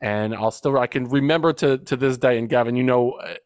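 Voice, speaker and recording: Quick-paced and clean-toned, a medium-pitched man speaks on a dry recording. In his forties, he coaches men and is guesting on a podcast, where he relates a personal episode with earnest reflection and emphatic retelling.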